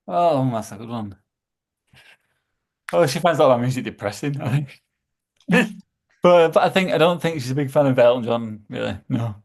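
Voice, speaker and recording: A man's voice: mid-range voice, animated, gravelly, darkish tone. A man chatting casually as a podcast guest, stumbling over his words and repeating himself as he goes. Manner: halting, repeats words, trails off.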